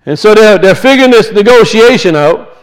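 A man's voice: high-pitched, expressive, a little fast, clean tone, low-quality recording. A man preaching a sermon, teaching through rhetorical questions and emphatic repetition.

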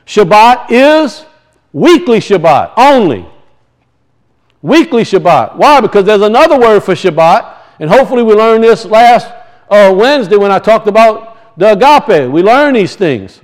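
Guy preaching a bible study, high voice, keeps asking questions and repeating himself. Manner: asks the congregation questions and answers them himself, repeats key points. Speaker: bible teacher. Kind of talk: teaching sermon.

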